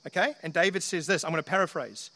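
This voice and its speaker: A man with a high-pitched voice preaching a sermon, earnest and conversational, often turning to his listeners with questions. His voice rings with the long reverb of a church hall. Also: fast, bright, forceful tone. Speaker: pastor.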